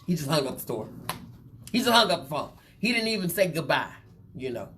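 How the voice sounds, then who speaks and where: A woman's voice: sits low, sing-song, a little fast, fairly bright tone, a little hiss or hum. A woman hosting a live gossip show, teasing and laughing often, repeating phrases and calling out "child" and "baby" as she comments. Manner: repeats and draws out phrases for effect.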